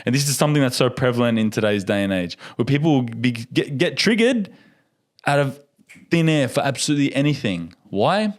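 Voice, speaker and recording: A young man chatting as a guest on a podcast. He tells a story with energy, breaks into laughs often and acts out the lines of the people in it. His pitch sits in the middle range for a man. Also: lively intonation, brisk. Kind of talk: casual storytelling.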